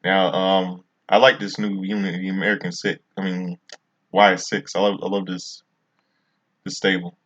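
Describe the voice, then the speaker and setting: Deep-voiced guy doing a casual wrestling review vlog, rambly, slightly muffled lo-fi audio. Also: flat delivery, moderate pace.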